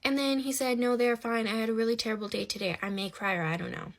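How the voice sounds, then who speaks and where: A woman telling a personal story in a casual, animated and exasperated way. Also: on the high side, fast talker.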